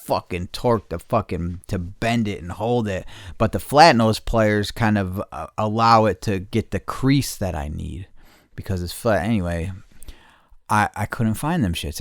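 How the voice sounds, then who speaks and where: Low male voice, dry close sound, casual host, swears constantly, repeats words. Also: creaky, fairly bright tone, dry recording. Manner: profane, restless, repeats himself. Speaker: podcast host. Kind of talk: casual rambling storytelling.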